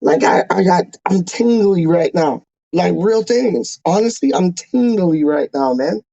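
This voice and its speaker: A man's voice: sits high, lively intonation, a little slow, gravelly, mellow, no room sound, lo-fi sound. A man hosting a fan channel, talking in a casual, slangy and emotional way with many repeated exclamations.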